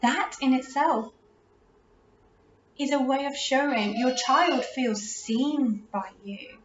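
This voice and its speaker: A woman's voice: high-pitched, slow, slight background noise. A middle-aged woman, hosting a parenting talk in a casual, chatty way, often restarting her sentences. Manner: chatty, restarts, warm laughs. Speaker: parenting podcast host. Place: room at home. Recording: roomy, distant, dull lo-fi audio.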